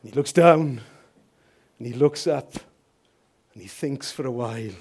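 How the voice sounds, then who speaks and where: A man preaching a sermon as pastor in a church, telling stories lively and asking rhetorical questions. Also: medium pitch, a little slow, slightly rough.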